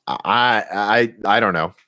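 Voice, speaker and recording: Midwestern guy, livestream host, low voice, dry close sound, opinionated off-the-cuff answers. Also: pushed and bright, no echo. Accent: Midwestern American, Minnesota, Michigan and central Illinois. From Minnesota. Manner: opinionated, talks in quick bursts with restarts and laughs. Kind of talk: casual live Q&A chat. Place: home room.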